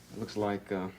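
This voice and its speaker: A gentle, hesitant friend. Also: male voice, fairly low pitch, background noise. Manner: hesitant and gentle, with many pauses. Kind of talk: TV soap opera acting.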